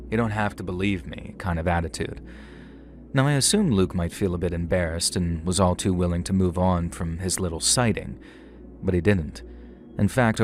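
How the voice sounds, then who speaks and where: A middle-aged man narrating a scripted horror story in a measured, wry storytelling manner. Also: low voice. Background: faint music.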